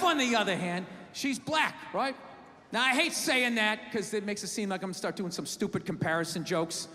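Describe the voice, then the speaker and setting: A man doing a stand-up comedy set on stage, ranting loudly with asides to the crowd, through a handheld mic. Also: very high voice, a little hiss or hum. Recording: live venue, crowd and reverb.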